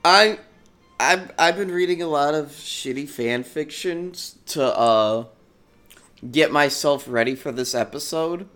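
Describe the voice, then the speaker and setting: A man's voice: a little high, a little slow, fairly bright tone. A man co-hosting a comedy show who reads fan fiction aloud, stumbles over words and swears often. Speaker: podcast co-host reading fan fiction. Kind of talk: casual comedic reading.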